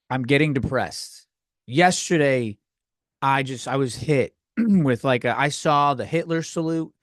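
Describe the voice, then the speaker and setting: A man's voice: a little high, no room sound, studio quality. A man hosting a solo comedy podcast, rambling from thought to thought and poking fun at himself. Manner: rambling, scattered, self-mocking. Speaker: podcast host.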